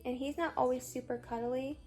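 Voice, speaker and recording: A young woman in her twenties, worn out and in pain after surgery, talking in a halting, rambling way with lots of fillers, casually vlogging from home. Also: sits high, fairly even intonation, darkish tone, faint music behind. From Chicago, USA. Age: 20s. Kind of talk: casual recovery vlog.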